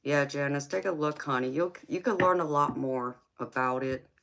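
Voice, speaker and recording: A woman's voice: sits low, normal speed, creaky, fairly bright tone. A middle-aged woman from California with a Southern accent, chatting on a livestream and reading viewer comments, calling people honey and sweetheart and laughing often. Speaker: tarot reader and livestream host.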